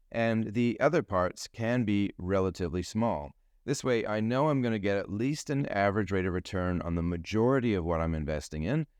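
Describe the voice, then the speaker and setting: Hosting his own podcast, a financial advisor from New Zealand keeps things chatty and jokey, leaning on food metaphors. His fairly low voice has a clean tone, and the studio recording is clean with no echo.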